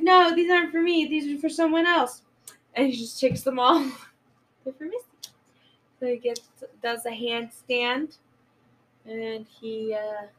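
A woman's voice: a little high, gravelly, recorded from a distance, a little hiss or hum, rough recording. A woman on a podcast casually retelling a movie plot, rambling with many fillers and stoned. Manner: rambling, filler-heavy retelling, acting out quotes. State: high. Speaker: podcast co-host. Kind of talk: casual movie recap chat.

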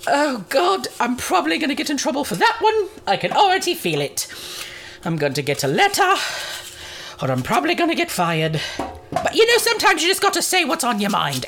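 A woman's voice: high-pitched, fairly bright tone, full character voice. A woman playing a cheerful, motherly Mrs. Claus who hosts a cooking segment, chatty and rambling with cheeky asides. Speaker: show host in character.

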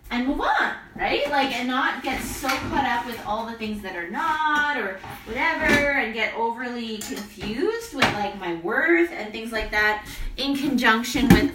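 In a casual vlog from her kitchen, a woman in her thirties talks about her day as a mom, rambling with plenty of fillers. Her voice is high-pitched and recorded from a distance at home, very noisy with loud clattering of dishes and cutlery.

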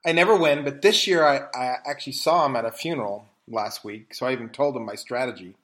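A male podcast co-host talks quickly in a mid-range, slightly bright voice. His casual storytelling rambles, with many false starts.

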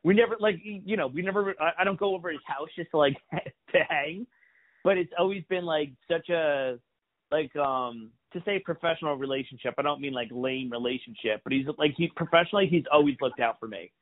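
A man's voice: fairly high pitch, brisk. A comedian telling a long story in a casual chat, swearing freely and acting out the lines of the people he quotes. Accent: New York. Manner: profane, animated storytelling with acted-out quotes. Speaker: comedian guest. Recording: phone-like lo-fi audio.

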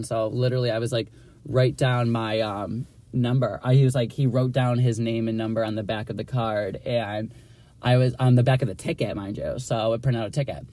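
A man's voice: medium pitch, a little mellow. A young man telling a personal story in a casual, profane, sassy way, full of "like" fillers. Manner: chatty, profane, filler-heavy with constant "like"; dramatic, sassy retelling.

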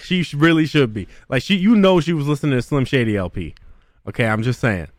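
A man's voice: medium pitch, animated, quick pace, dry recording. A man hosting a casual podcast, ranting about a game with constant profanity and mockery. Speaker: podcast host. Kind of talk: crude casual podcast chat.

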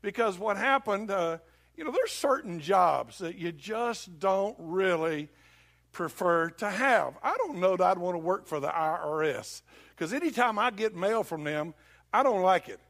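Folksy preacher with a high voice. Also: male voice, expressive, a little slow, fairly bright tone. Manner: folksy storytelling preacher, jokes with the congregation. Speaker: pastor. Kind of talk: sermon. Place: church.

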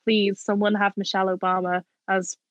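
A woman co-hosting a casual chat, talking quickly and emphatically with lots of "like". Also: mid-range voice, flat delivery, no room sound, lo-fi sound. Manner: quick, emphatic, says "literally" and "like" often. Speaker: podcast co-host.

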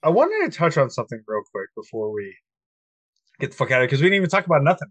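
A man's voice: mid-range voice, wildly swooping pitch, fast, no room sound. A man chatting over a video call for a podcast, swearing freely and mocking whatever comes up. His mid-range voice sits close and dry, with no room sound around it. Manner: crude, profane, mocking. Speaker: podcast co-host. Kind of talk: casual chat.

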